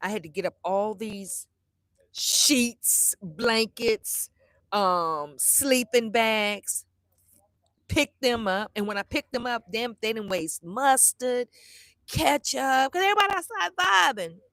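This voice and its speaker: A middle-aged woman vlogger telling a story to her live chat in a blunt, animated way, swearing freely and acting out the people she quotes. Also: on the high side, takes it slowly, no room sound.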